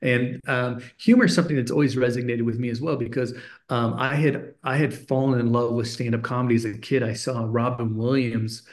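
Animated storytelling man in his forties. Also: mid-range voice, brisk. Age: 40s. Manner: animated anecdote teller, acts out dialogue. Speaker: guest. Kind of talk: conversational storytelling.

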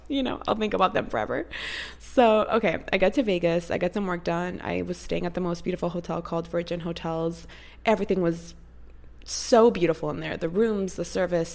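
A woman's voice: fairly low pitch, gravelly. A young woman chatting casually to her viewers, telling a story in a gushing, rambling way with many fillers. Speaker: vlogger.

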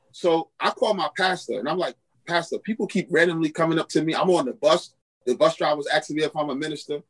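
On a poor-quality recording, a husky, somewhat high-pitched male pastor from Queens, New York tells his testimony as a guest in a podcast interview. He's an animated storyteller who performs the quoted dialogue.

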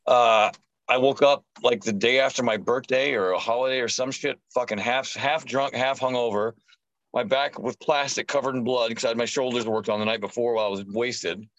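A man who is a tattoo artist, guesting on a podcast and telling stories in a profane, animated way, swearing constantly. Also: mid-range voice, fairly quick, lo-fi sound. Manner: animated anecdotal storyteller. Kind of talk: casual storytelling chat.

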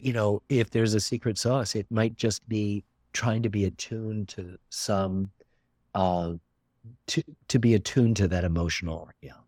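Older male guest, earnest and expansive, lowish voice, dry close sound. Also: fairly even intonation, normal speed, darkish tone, no room sound. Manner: earnest, expansive, repeats words for emphasis. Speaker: documentary filmmaker. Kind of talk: reflective interview talk.

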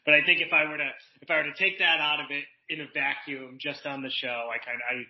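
A man's voice: on the high side, fairly even intonation, quick pace, muffled recording. A man chatting casually as a podcast guest, rambling with many restarts and fillers. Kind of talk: casual chat.

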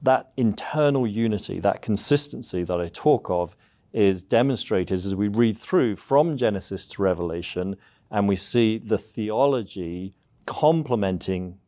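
A man from southeast England with an English accent, a seminary professor answering interview questions in a measured, explanatory way. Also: lowish voice, animated, warm tone. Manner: measured, explanatory, frequent "uh" fillers.

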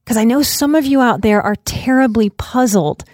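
Woman podcast host, therapist, measured delivery, slows on key phrases, dry close sound. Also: on the high side, a little mellow, no echo. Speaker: podcast host, life coach and psychotherapist. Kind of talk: solo podcast talk.

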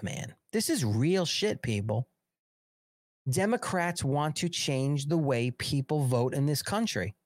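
A man's voice: medium pitch, a little mellow, no room sound. A man hosting a live political talk show, delivering emphatic, repetitive commentary laced with swearing.

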